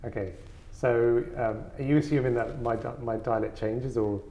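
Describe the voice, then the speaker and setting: A man's voice: mid-range voice, moderate pace, warm tone. A man from the English Midlands with a faint Birmingham accent, a dealer chatting as a guest in his gallery, hesitant with many ums and a dry wit. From English Midlands, south Birmingham. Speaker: arms and armour dealer, guest. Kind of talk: casual interview chat. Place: his gallery exhibition in New York.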